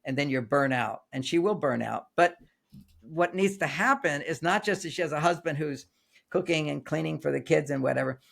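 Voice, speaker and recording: Older male author guest, higher voice with gravel, storytelling and repeating himself as he explains. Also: normal speed, a bit bright. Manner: storytelling, repeats and restarts phrases. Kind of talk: interview, explaining with anecdotes.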